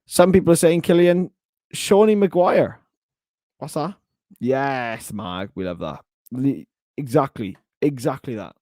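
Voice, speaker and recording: A young man hosting a casual live stream, chatting and joking as he answers viewer comments in quick bursts. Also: a little high, darkish tone, no echo, clean studio sound. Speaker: host of a fan channel.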